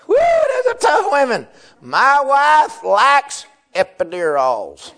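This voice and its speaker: Loud animated preacher man. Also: extremely high pitch, takes it slowly. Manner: animated, loud, often breaking into laughter and shouting. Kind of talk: humorous sermon storytelling.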